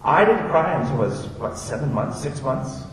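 A man's voice: mid-range voice, big pitch swings, normal speed, slight background noise. A man from Florida telling personal stories before an audience in a chatty, self-deprecating, digressive way. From Orlando, Florida. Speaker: speaker giving a personal testimony. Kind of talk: storytelling talk before an audience. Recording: echoey hall, distant mic.

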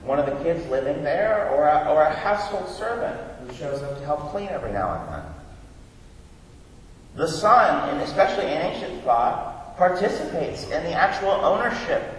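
This pastor, a young adult man, preaches in church at a moderate pace with a fairly high, sing-song voice. Questions are posed and then answered in a chatty, instructive way. A little hiss or hum accompanies the distant, echoey hall recording.

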